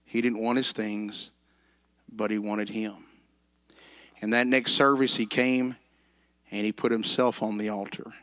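A man teaching a Bible lesson in an earnest, measured way, slowing down on key words and quoting scripture. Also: fairly low pitch, flat delivery, fairly bright tone.

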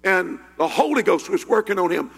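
A man preaching a Pentecostal sermon as a pastor, telling a story in a low voice and then building up to shouted praise. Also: lively intonation, normal speed, vocal fry, breathy edge, big-room sound.

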